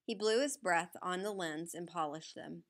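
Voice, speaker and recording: Woman, audiobook narrator, first-person novel, steady storytelling, lowish voice, bright tone. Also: moderate pace.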